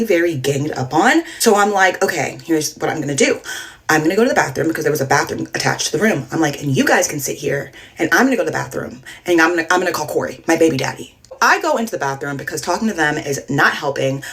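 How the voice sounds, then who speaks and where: A young woman telling a storytime vlog, animated and acting out what each person said, dropping "like" throughout. Her voice sits on the lower side. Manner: animated, quoting herself and others, frequent "like".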